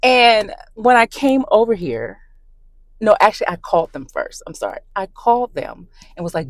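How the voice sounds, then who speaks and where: A woman telling a story to her camera in a casual, emphatic rant, talking with animated emphasis. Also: lowish voice, normal speed, no room sound. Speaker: book vlogger. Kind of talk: casual ranting vlog. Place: in her car.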